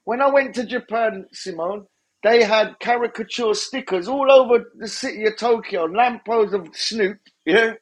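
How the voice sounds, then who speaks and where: A man's voice: sits high, normal speed, breathy edge. A middle-aged man, telling sarcastic, jokey anecdotes in a casual interview. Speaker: guest DJ.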